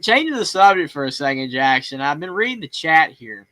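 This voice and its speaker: Man, Southern accent, bright forceful voice, dry close sound, rambling casual chat. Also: a little high, sing-song, brisk, no room sound. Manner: rambling, lots of fillers and restarts. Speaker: call-in show host.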